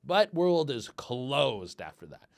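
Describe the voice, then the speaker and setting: A man's voice: medium pitch, sing-song, slow pace, gravelly. A man hosting a comedy podcast, rambling crudely and acting out little quoted exchanges. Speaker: podcast host.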